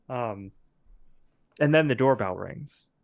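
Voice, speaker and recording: Male game master, gravelly, slow and halting, dry sound. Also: medium pitch, no room sound. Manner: rambling, hesitant with many fillers. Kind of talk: narrating a tabletop game.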